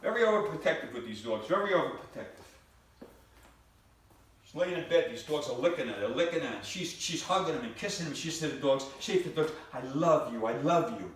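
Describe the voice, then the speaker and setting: An older man tells his stand-up story in a deadpan way, repeating phrases as he builds to each punchline. His pitch swings widely. He is picked up from a distance in a very echoey room. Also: fast. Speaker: stand-up comedian. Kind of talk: stand-up comedy routine. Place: comedy club stage before a live audience.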